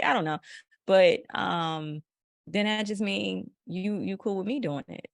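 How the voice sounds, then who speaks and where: A woman's voice: mid-range voice, fairly bright tone, no echo, clean studio sound. A woman from the United States, a podcast guest, talking bluntly in slangy casual chat and laughing often.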